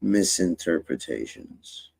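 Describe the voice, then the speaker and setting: A man's voice: low voice, big pitch swings, slow pace, creaky, a little mellow, breathy edge, no room sound. A male host in a casual live stream, rambling, profane and laid-back.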